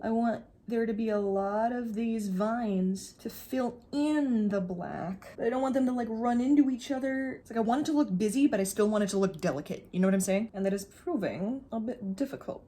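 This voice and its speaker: A young woman talks through her painting in a relaxed, chatty way. She teases herself and drifts into playful asides. Her tone stays easygoing, like a teacher passing on tips. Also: a little high. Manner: chatty, jokey, self-teasing asides. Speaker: painting vlogger; math teacher. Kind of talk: casual chat while painting.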